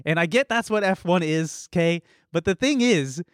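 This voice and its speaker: Podcast dude rattling on quick, cussing lots, bit high voice, dry close mic. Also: male voice, no echo. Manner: rapid, animated, swears a lot. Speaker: podcast co-host. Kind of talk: casual podcast chat.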